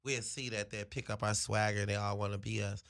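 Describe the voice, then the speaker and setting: A man comedian, a guest, talking in a brash, profane way in casual chat, breaking into loud shouted bits. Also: lowish voice, little pitch movement, a little fast, gravelly, dry recording, studio quality.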